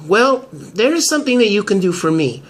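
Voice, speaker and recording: A man playing a sharp, threatening woman lawyer. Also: sits high, very animated, a little fast. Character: sharp, confident woman lawyer, cornering a blackmail target. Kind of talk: amateur soap drama.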